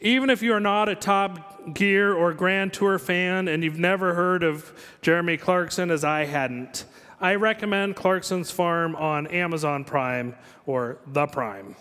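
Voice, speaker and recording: A man preaching a sermon, telling a story in a relaxed, conversational way with wry asides. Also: high-pitched, unhurried, smooth, long reverb tail, faint music behind. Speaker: pastor.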